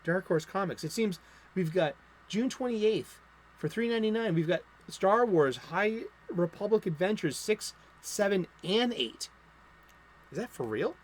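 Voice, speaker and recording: A man's voice: sits high, lively intonation, measured pace. Rambling, profane comic-shop stream host man. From United States. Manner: rambling and profane, swings into angry rants. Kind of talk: casual solo stream chat about new comics. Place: home studio.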